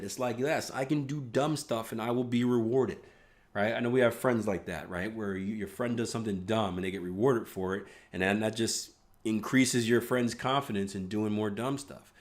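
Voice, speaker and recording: A man's voice: on the low side, moderate pace. A man hosting a live trading room, analyzing charts in a casual, chatty way with rambling asides.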